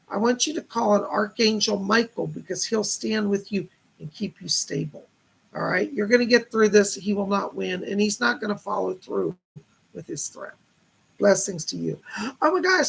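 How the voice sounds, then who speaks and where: A man's voice: high voice, vocal fry, fairly bright tone, breathy edge. A man hosting a live stream as a psychic medium, giving earnest, reassuring readings and thanking donors with blessings.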